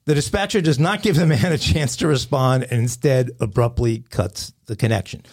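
A middle-aged man co-hosting a crime news podcast, telling stories in a joking, lively way. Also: mid-range voice, normal speed. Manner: joking, animated storyteller, swears casually. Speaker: podcast co-host. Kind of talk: casual crime news chat, storytelling.

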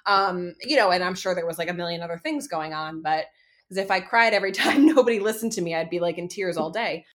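A woman's voice: fairly low pitch, fast talker. A woman in her thirties hosting a casual parenting podcast, chatty with many fillers and restarts. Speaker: podcast host.

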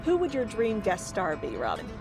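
A woman's voice: mid-range voice, huge pitch swings, a little fast, over loud music. A woman interviewer asking upbeat, bubbly questions. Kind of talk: celebrity interview.

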